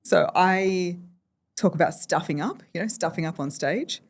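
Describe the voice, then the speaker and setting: An Australian woman talking as a voice coach in a relaxed podcast chat. Her voice sits a little low and stays lively, leaping up and down as she tells her anecdotes. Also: normal speed. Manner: animated storyteller, playful vocal shifts. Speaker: voice coach guest. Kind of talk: casual podcast interview.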